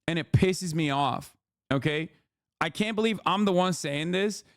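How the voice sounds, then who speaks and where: Streamer, male, high voice, dry close mic, heated profane rant. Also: unhurried, dry recording. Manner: profane, exasperated, repeats himself. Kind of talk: livestream commentary rant.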